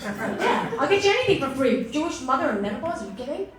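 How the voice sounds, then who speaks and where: A woman's voice: high-pitched, sing-song, quick pace, crowd noise. A middle-aged woman doing a brash, self-mocking stand-up set in a comedy club. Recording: echoey club with audience laughter.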